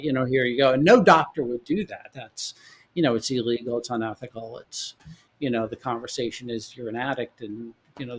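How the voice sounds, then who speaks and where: A man in his forties, a podcast guest, telling his own story in a halting way, often repeating words as he goes. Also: mid-range voice. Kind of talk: candid personal storytelling.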